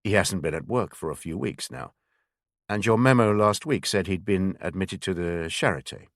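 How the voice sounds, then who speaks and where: A man's voice: sits low, normal speed, dry recording, studio quality. A man reading a younger male intelligence officer who answers his boss politely in an audiobook. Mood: deferential. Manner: polite, deferential to superior.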